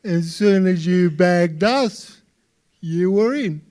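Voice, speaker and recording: Aussie guy doing stand-up, slow and stammery, smooth clear voice. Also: sits high, a little mellow. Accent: Australian. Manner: slow, halting delivery with repeated words. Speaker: stand-up comedian. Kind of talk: stand-up comedy. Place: live stage before an audience.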